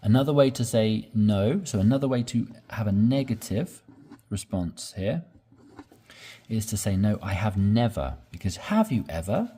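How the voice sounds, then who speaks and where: A man's voice: lowish voice, animated, moderate pace, warm tone, husky. A man teaching English conversation, explaining sentence structure step by step and often checking in with "right?".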